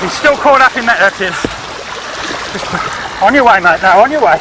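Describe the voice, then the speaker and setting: High-voiced Australian man hauling a shark. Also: expressive, normal speed, very noisy. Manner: urgent, encouraging. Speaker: fishing show co-host. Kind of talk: excited boat banter. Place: on a fishing boat at sea. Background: music.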